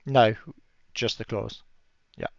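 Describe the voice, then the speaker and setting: A man running a tabletop game as game master, relaxed and chatty, laughing often and yelling enemies' cries in high voices. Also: takes it slowly, vocal fry, background noise. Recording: dull lo-fi stream audio, dry.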